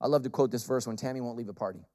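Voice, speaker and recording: A male pastor preaching a sermon, animated and humorous, swinging from loud bursts to quiet, intense asides. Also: medium pitch, very fast.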